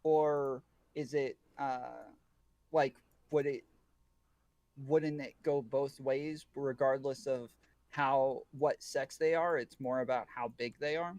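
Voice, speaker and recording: A man's voice: medium pitch, fairly even intonation, takes it slowly, a little mellow, dry recording. Teasing man in a dry-sounding room. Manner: teasing, joking. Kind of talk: casual debate chat.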